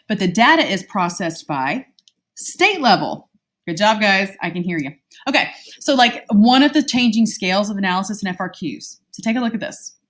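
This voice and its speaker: A young woman, teaching an online exam review lesson from her home in a chatty way, talking straight to her students. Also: medium pitch.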